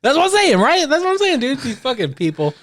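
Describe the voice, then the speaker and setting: A man's voice: very high voice, huge pitch swings, quick pace, fairly bright tone, dry recording. A man co-hosting a podcast in casual chat, blunt and opinionated, ranting in sudden bursts. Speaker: podcast co-host.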